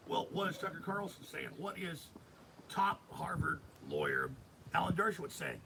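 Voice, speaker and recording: A man's voice: high-pitched, sing-song, brisk, creaky, noisy background. A middle-aged man as a radio host, giving heated political commentary in an intense, emphatic ranting manner.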